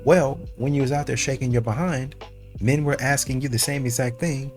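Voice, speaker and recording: A male host reacting to video clips, building his argument in a measured, deliberate way. His voice is mid-pitched, with faint background music. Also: steady tone, darkish tone. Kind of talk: commentary on clips.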